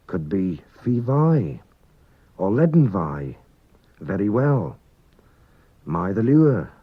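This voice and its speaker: A man teaches a language lesson over the radio, taking his time and speaking in a deep, low register. Every word is pronounced with slow precision. The sound is dull and lo-fi, like an old 1980s broadcast. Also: husky. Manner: slow, careful, precise pronunciation.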